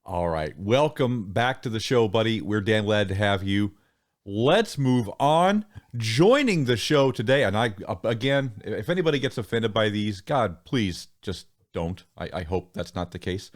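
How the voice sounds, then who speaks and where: A man's voice: lowish voice, moderate pace, few pauses. A man hosting a podcast, introducing his co-hosts with crude jokes in a brash, joking way. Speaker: podcast host. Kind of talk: casual podcast banter.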